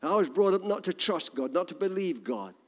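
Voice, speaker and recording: A man's voice: sits high, sing-song, brisk, big-room sound. An older man with an English accent preaching a sermon in an emphatic, repetitive cadence. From England.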